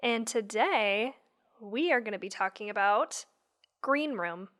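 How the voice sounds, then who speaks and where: A woman's voice: fairly high pitch, expressive, a little slow, fairly bright tone. A woman co-hosting a podcast, chatting casually and laughing often, sometimes unsure how to say names. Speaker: podcast co-host. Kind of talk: casual chat.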